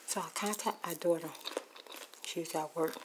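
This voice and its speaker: A woman's voice: on the low side, steady tone, normal speed. Woman ASMR storyteller, gossipy whisper-ramble, close mic, noisy popcorn chewing. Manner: rambling, gossipy, shifting between whisper and soft speech.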